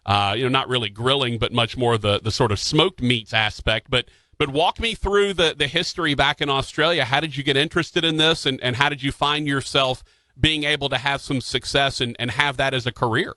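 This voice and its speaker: In a radio studio, a male host with a mid-range, sharp-toned voice chats casually with a guest, talking a little fast into a studio microphone. He often restarts sentences with fillers, and the recording is dry.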